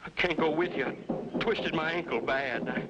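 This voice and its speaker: A man's voice: fairly high pitch, moderate pace, heavy background noise, close to an everyday voice. An actor playing a worried rancher father who speaks in an anxious, pleading way, on a dull old cartoon soundtrack with music under it. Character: rancher father, frantic and regretful.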